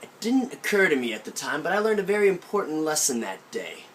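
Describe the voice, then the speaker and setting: A young man with a fairly high, lively voice spins a childhood tale in a playful, mock-serious way, swinging his pitch up and down for comic effect. A faint hum of ambience sits behind him. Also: quick pace. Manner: animated, playful deadpan storytelling. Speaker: vlogger. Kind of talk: comic storytelling vlog. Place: aunt's country house.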